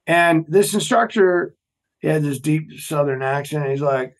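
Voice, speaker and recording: Male podcast guest, lively storyteller, voice sits a touch high. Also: moderate pace. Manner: animated storyteller, acts out quoted voices. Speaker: podcast guest, former Navy SEAL. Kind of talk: storytelling interview talk.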